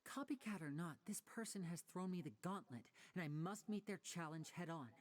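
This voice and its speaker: An actor voicing a proud, polite young stage magician in a game cutscene, with a formal, smooth, courteous way of talking. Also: male voice, high-pitched, animated, brisk, no echo.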